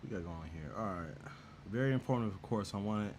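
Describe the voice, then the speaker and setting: A man's voice: fairly low pitch, animated, fast, darkish tone, slight background noise. A man hosting a casual gaming chat, talking in slang, teasing people and laughing often. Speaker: gaming channel host.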